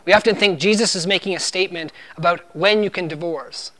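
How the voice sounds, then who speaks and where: A man's voice: high-pitched, brisk, fairly bright tone. A man preaching a sermon as pastor, earnest and emphatic, driving points home with firm repeated refrains.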